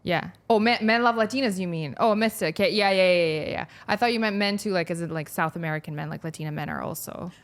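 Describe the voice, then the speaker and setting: Chatty host with a slight Russian accent. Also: female voice, fairly low pitch. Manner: chatty, fast and excited from coffee. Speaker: podcast host. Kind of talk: casual chat.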